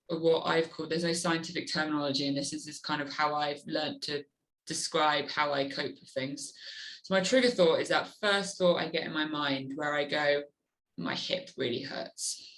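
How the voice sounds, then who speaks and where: A woman's voice: low-pitched, poor audio. Earnest woman guest talking openly. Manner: earnest, animated when acting out her inner voice. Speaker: guest, adventure motorcyclist. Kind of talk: candid interview talk.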